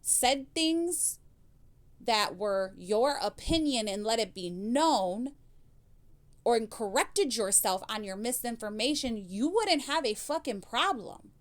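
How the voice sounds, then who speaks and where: A woman's voice: fairly high pitch, animated, slow pace. A woman hosting a reaction commentary channel, blunt and scolding, swearing freely as she answers clips.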